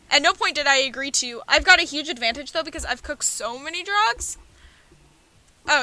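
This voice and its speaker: Bright-voiced young woman streamer reading a game. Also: high-pitched. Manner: playful, reads character lines in her own voice, laughs and swears. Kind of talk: reading a dating game aloud with commentary.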